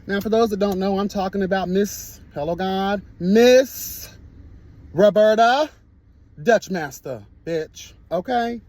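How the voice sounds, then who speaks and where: A man with a notably high voice holds forth in a sassy, flamboyant reviewer's rant. He talks with theatrical drama, peppering everything with catchphrases and cussing, and sounds freshly sweaty from a workout. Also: normal speed, hardly any pauses, a little mellow, low-quality recording. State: sweaty from the gym. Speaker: online reviewer.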